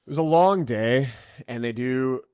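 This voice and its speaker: A man's voice: medium pitch, unhurried, a little mellow, smooth, no room sound, clean studio sound. A man chatting on a podcast, telling long, profane stories in a loose, rambling way. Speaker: podcast guest and coach. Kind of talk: casual chat.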